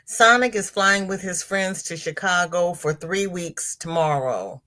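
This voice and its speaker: A woman hosting a casual livestream, greeting chat viewers by name in sing-song hellos and jumping to high exclamations. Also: measured pace. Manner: chatty and animated, with sudden high exclamations. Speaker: livestream host.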